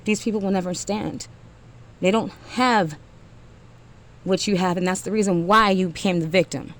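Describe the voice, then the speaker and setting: A woman's voice: medium pitch, normal speed. A woman giving a blunt, profane motivational rant to single mothers, emphatic and often trailing off with sighs.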